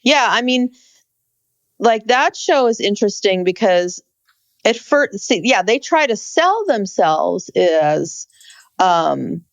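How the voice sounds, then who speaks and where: A woman's voice: mid-range voice, sing-song, takes it slowly, no echo, lo-fi sound. A woman co-hosting a podcast in casual chat, hesitant and searching for words. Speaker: podcast co-host.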